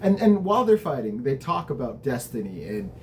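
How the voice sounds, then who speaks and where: Very animated and brisk, a man hosting a show runs through a TV episode recap that stays casual and reflective, dotted with an odd swear word. His voice sits mid-range, and some slight background noise is present.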